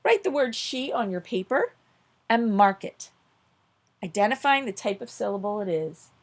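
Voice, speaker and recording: A woman teaching a children's phonics lesson, upbeat and encouraging, slowing down to stress each word clearly. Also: mid-range voice, big pitch swings. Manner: upbeat, encouraging, slow clear emphasis on words.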